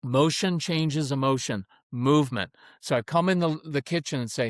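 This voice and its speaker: A man's voice: mid-range voice, normal speed, hardly any pauses, no room sound, clean studio sound. A middle-aged man speaking as a parenting coach guest in a podcast interview, telling stories and acting out quoted voices, then explaining his advice matter-of-factly. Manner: animated storyteller who acts out quoted voices; matter-of-fact coaching delivery.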